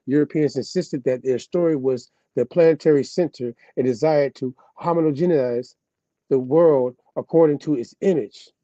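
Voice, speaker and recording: A man, reading an article aloud and commenting casually, slowly and with stumbles over words. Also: a little high, dark tone, no echo, highs cut off.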